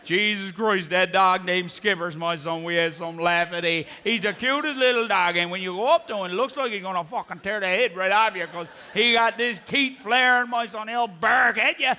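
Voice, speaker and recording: A man's voice: high voice, normal speed, few pauses, bright, forceful tone. A man playing a chatty, profane older Newfoundland man giving rambling directions, with a Newfoundland accent. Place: theatre stage.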